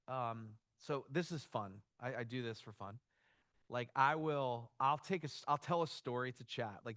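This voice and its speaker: A man's voice: medium pitch, fairly bright tone, no echo, studio quality. A man giving a conversational church workshop talk, loose and informal, often restarting his sentences. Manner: casual, loose, with frequent restarts and "like". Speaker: workshop presenter.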